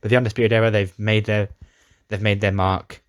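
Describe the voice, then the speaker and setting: A man with a somewhat low voice talks through his wrestling sim playthrough in a casual recap. He tells the storylines with chatty, dramatic flair, and his voice sounds dry and close to the mic. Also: little pitch movement, a little fast, no room sound. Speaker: gaming YouTuber.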